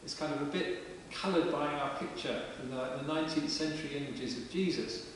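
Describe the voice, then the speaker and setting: A man's voice: a little high, a little fast. A man preaching a sermon in a parish church, in a chatty, plain-spoken way. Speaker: vicar. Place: large stone parish church. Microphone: distant camera mic. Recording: echoey church from far off with hiss.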